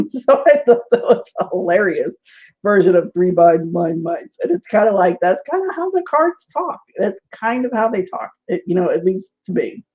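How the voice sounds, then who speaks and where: A woman with a fairly low, creaky, slightly mellow voice leads a relaxed online tarot class, her intonation lively and her speed normal. She rambles and chats, laughing frequently and filling her talk with "like," all in dull lo-fi webinar sound.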